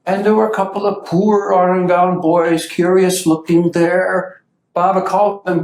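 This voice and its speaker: A man with a high voice lectures to an audience at a measured pace in a meeting hall, where the sound echoes. He tells lively anecdotes and performs the quoted lines as he goes.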